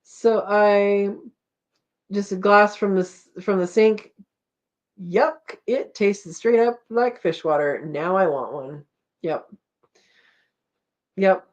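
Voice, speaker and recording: A woman's voice: medium pitch, slow, pauses often. Give me a rambling, easygoing woman hosting a live chat, with a somewhat muffled, lo-fi recording. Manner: chatty, rambling, laughs often, reads comments aloud. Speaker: homesteading live chat host. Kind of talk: casual live chat reading viewer comments.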